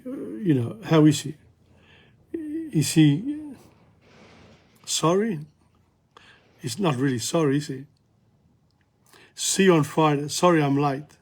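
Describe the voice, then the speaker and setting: A man teaching a casual French lesson in English, repeating phrases and chatting as he goes, his voice going hoarse. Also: a little high. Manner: chatty, self-interrupting, repeats phrases slowly. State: losing his voice, coughing. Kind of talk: casual spoken language lesson.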